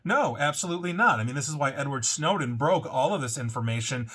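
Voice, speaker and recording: Male tech commentator, bright forceful tone, indignant opinions. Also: mid-range voice, lively intonation, fast, slightly rough. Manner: emphatic, indignant, conversational with fillers.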